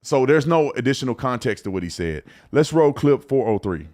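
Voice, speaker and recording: A man's voice: medium pitch, very animated, fairly quick, darkish tone. A man hosting his podcast, giving casual commentary in an emphatic, colloquial way with stumbling restarts. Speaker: podcast host.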